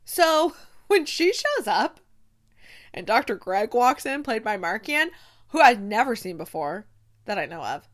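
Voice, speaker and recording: A woman hosting a casual movie recap, chatty and animated, with exaggerated outbursts. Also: a little high, unhurried. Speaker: movie review host.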